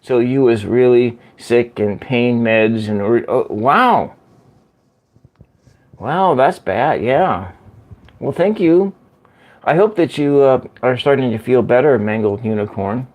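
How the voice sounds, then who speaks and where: A man hosting a casual livestream from home, chatting slowly and rambling as he answers viewer comments. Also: mid-range voice, a little mellow. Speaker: livestream host. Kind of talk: casual live-stream chat with viewers. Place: at home by a window.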